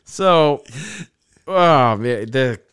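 A man's voice: mid-range voice, lively intonation, very slow, a bit bright, clean tone. A man hosting a casual sports podcast, rambling loosely with frequent restarts. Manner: rambling, restarts and laughs easily. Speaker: podcast host.

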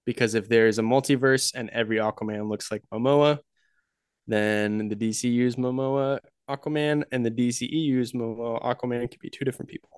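A man's voice: medium pitch, steady tone, smooth, dry recording, clean studio sound. A man co-hosting a podcast, casually summarizing a movie's ending and reading out a review. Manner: measured, summarizing plot and reading quotes. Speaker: podcast co-host.

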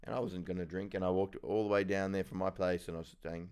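A man's voice: low-pitched, level tone, fast talker, hardly any pauses, a little mellow, smooth. A man co-hosting a podcast, telling a self-deprecating story in casual chat and laughing often. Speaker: podcast co-host.

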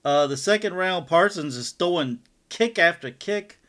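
A man co-hosting a casual fight recap chat, calmly running through each fight and laughing along. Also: a little high, normal speed. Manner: laid-back, laughs along, rundown of the fights. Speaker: podcast co-host.

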